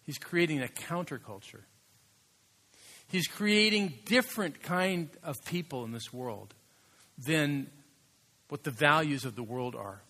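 A man preaching a sermon as pastor, conversational and emphatic, slowing down to stress key words. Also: on the high side, pushed and bright.

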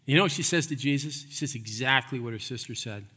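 A man preaching a sermon, emphatic, repeating phrases and swinging between loud and hushed. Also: medium pitch, fast, big-room sound. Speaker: pastor.

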